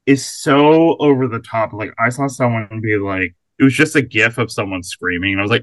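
A man's voice: medium pitch, fairly quick, few pauses, a bit bright, no echo. A man co-hosting a podcast, chatting in a rambling, joking way. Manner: chatty, rambling, camp jokes. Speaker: podcast co-host. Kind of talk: casual chat.

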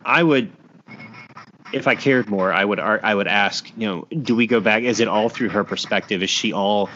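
A man's voice: fairly low pitch, moderate pace, fairly bright tone, a little hiss or hum. A man hosting a casual chat, retelling scenes bluntly with dry asides. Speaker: podcast host. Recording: dull lo-fi sound.

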